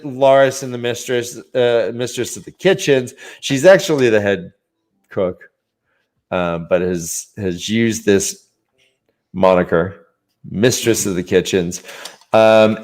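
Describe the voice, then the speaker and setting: A man co-hosting a casual book discussion podcast, laughing often and swearing casually as he retells scenes. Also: medium pitch. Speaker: podcast co-host.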